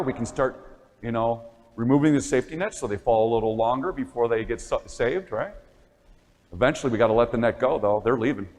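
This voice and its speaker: A man giving a motivational talk to parents, telling stories from his days as a teacher and acting out the classroom dialogue with animated energy. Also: medium pitch. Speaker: speaker addressing parents. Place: church. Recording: long reverb in a church.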